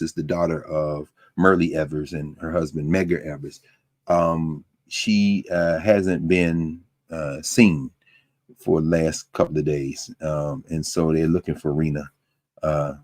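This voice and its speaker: A man lecturing to a university class, talking in a lively, conversational way with frequent asides to his students. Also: rumbling low, unhurried, dry recording. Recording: dry close sound.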